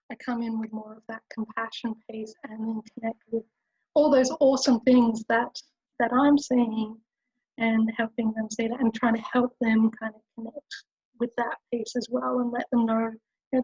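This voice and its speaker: A woman's voice: on the high side, fairly even intonation, moderate pace, darkish tone, husky, dry recording. A woman speaking as a guest psychologist in an informal webinar over a video call, talking in an earnest, reflective way. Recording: dull, dry video call audio.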